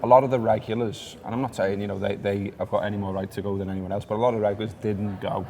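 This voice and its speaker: A man's voice: fairly low pitch, little pitch movement, fast talker, creaky, mellow. A man with a Liverpool accent, co-hosting a podcast and talking through a football match in a chatty, laid-back way. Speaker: podcast co-host. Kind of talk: casual football chat.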